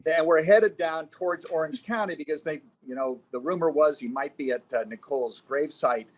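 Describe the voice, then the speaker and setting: A man who is a former television news reporter, telling a story as a guest in a halting, reflective way. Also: fairly high pitch. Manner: halting, recollecting, pausing to find words. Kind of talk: casual anecdotal storytelling.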